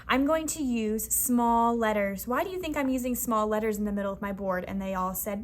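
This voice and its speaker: A woman's voice: medium pitch, normal speed. A young woman who teaches first grade, walking through a classroom lesson in a casual vlog and acting out her teacher talk. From Florida. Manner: acts out classroom dialogue in a bright teacher voice; loose and chatty, with many fillers.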